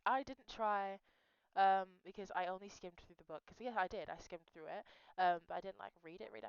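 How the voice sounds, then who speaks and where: A woman's voice: medium pitch, smooth, no room sound, highs cut off. A young woman venting about school in a rambling personal vlog, swearing often, restarting her sentences and crying as she talks. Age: young adult. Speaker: vlogger. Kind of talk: emotional personal vent.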